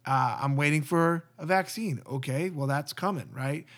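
A man's voice: a little high, normal speed. A man, a pastor, talking earnestly and conversationally about church community. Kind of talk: casual podcast talk.

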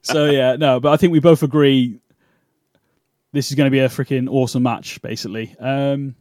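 A man's voice: medium pitch, fairly even intonation, normal speed, a little mellow, dry recording, clean studio sound. Chatty British man hosting a wrestling podcast. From United Kingdom. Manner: chatty, rambling, many fillers and restarts. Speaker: podcast host. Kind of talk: casual wrestling chat. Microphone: remote call setup.

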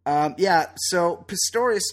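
A man's voice: high voice, measured pace. A man hosting a podcast, chatting casually and ranting bluntly with plenty of swearing. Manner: blunt, profane, opinionated ranting. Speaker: podcast host. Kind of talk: casual chat.

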